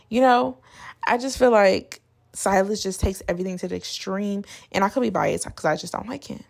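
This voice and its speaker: Gravelly, chatty woman recapping TV. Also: mid-range voice, normal speed. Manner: chatty, blunt, slangy. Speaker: reality TV recap vlogger. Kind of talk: casual opinionated recap.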